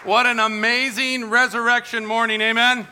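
A man with a fairly high, very bright and forceful voice preaching to a packed church. He keeps it casual and joking, full of upbeat fillers and asides to the congregation. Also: flat delivery, normal speed, slight background noise. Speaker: pastor. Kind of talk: Easter sermon.

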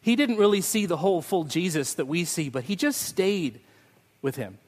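A man's voice: sits high, animated, normal speed, a little mellow. A man preaching a Christmas Eve sermon as pastor, telling stories and leading prayer. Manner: storytelling with sung snippets, ending in prayer. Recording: long hall reverb.

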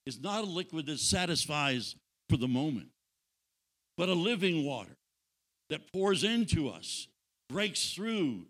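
A man preaching a sermon, dropping to hushed intimate tones and building up again, asking the congregation questions and joking with them. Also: a little high. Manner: dynamic pacing, drops to hushed intimate tones then builds.

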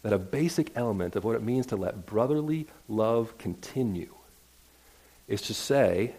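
A man's voice: mid-range voice, lively intonation, fairly quick, mellow, breathy edge. A man preaching a sermon to his congregation in a church, earnest and conversational, often restarting his sentences as he works toward a point. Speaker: pastor. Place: church sanctuary.

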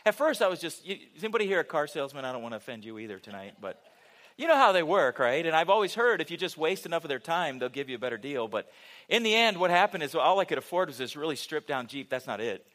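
Animated, slightly high-voiced male preacher. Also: fast. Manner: animated, humorous storyteller who asks the audience questions. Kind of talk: sermon storytelling to a live audience.

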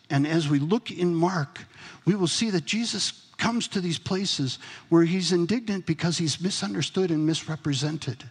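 A man's voice: a little high, slightly rough, long reverb tail. A man preaching a sermon as pastor, in a conversational way, asking his congregation questions. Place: church sanctuary.

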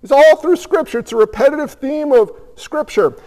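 A man's voice: very high-pitched, moderate pace, hardly any pauses, a little mellow. A male pastor preaching a conversational sermon, firing off rhetorical questions and repeating phrases for emphasis. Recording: reverberant hall.

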